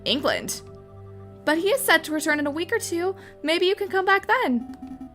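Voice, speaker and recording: A woman's voice: very high-pitched, sing-song, moderate pace, fairly bright tone, faint music behind, pitched above the performer's own voice, full character voice. A woman voicing a nervous young male mouse assistant in a game, flustered and stumbling over names. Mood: apologetic.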